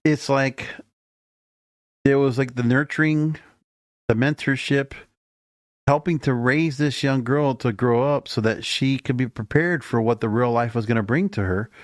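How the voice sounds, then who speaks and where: A man's voice: medium pitch, measured pace, no room sound, studio quality. A man hosting a podcast, commenting on an interview clip in a reflective way and circling back to repeated points. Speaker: podcast host.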